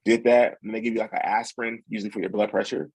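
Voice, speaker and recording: A man in his forties telling a personal story in casual chat, acting out what others said with lively slang. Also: lowish voice, fast talker, creaky, breathy edge, no echo. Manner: animated, acts out quotes with slang. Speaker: podcast guest.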